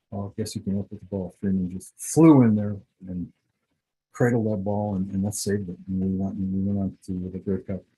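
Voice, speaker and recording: A man's voice: on the low side, dark tone, husky, poor audio. A middle-aged man, a football scout, giving a casual, rambling clinic talk full of anecdotes.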